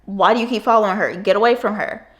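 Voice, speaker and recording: A firm young male coworker tells a pest to back off, stern and steady, as a woman quotes him. The delivery is close to the teller's own voice. It is a storytime retelling. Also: mid-range voice, quick pace, close to an everyday voice.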